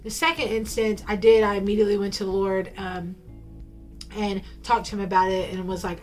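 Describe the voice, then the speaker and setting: A woman's voice: mid-range voice, fairly even intonation, a little fast, faint music behind. A woman telling a personal faith story straight to camera in a casual, playful way, full of slang and ums. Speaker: faith vlogger.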